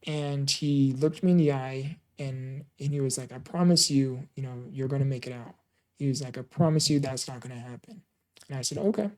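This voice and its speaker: A man telling a personal story in an earnest, emotional way, often halting, repeating and restarting words. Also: mid-range voice, a little mellow. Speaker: podcaster telling his own story.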